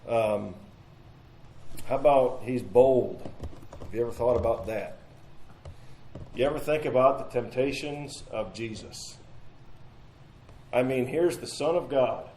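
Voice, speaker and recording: A man's voice: medium pitch, dark tone, roomy sound, a little hiss or hum, rough recording. A man teaching a midweek Bible study in an earnest, conversational way, repeating phrases and asking rhetorical questions, recorded in a church room.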